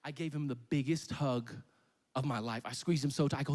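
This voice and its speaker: A young adult man telling a comic, animated story as part of a sermon, at times shouting. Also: medium pitch, fairly quick. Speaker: pastor. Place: church hall. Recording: long hall reverb.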